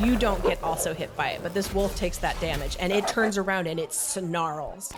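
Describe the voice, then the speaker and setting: A woman's voice: medium pitch, noisy background. Woman game master narrating a tabletop game. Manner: vivid, steady narration with quoted voices.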